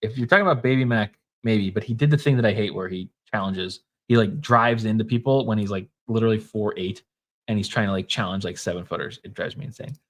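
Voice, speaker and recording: A man's voice: on the low side, fast. Wry, casual Minnesota man streaming. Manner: casual and wry, reading chat comments aloud. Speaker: podcast host. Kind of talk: casual postgame livestream chat.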